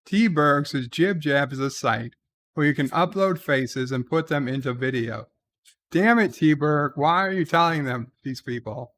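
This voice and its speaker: Slow, wry man reading chat aloud. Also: a little high, expressive, a bit bright. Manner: reads comments aloud and replies wryly, with many "uh"s. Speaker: livestream host reading chat. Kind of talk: casual chat reading viewer comments.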